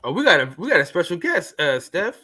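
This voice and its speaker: A man cuts in again and again to rib a guest on a live panel. His voice is bright and animated and jumps around in pitch. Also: fairly quick. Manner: lively, interrupting, ribbing. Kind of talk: casual chat.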